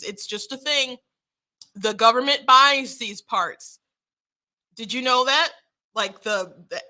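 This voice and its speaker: A young woman hosting casual political commentary, talking frankly with quick restarts and short laughs. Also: fairly high pitch, sharp tone.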